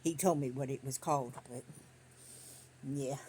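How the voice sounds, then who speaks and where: A woman's voice: extremely low pitch, fairly even intonation, measured pace, warm tone, slightly rough. An older woman vlogging as she sews quilt squares, rambling through folksy stories in a chatty country way. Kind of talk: casual chat while sewing. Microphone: phone on a stand.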